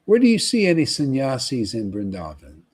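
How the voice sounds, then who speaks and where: A man giving an informal, rambling devotional talk to followers, often pausing to ask "see?" and repeating himself. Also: medium pitch, wildly swooping pitch, darkish tone, breathy edge. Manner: conversational, rambling, repeats words and asks "see?". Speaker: spiritual teacher.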